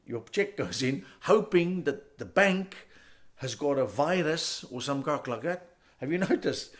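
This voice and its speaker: A middle-aged man with a South African accent performing a stand-up comedy set, an animated storyteller who jumps into loud character voices. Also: fairly high pitch. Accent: South African English.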